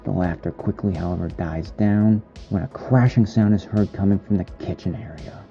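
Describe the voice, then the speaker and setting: A man narrating a horror short story in a slow, dramatic storytelling manner. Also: deep voice, vocal fry, lo-fi sound, soft background music.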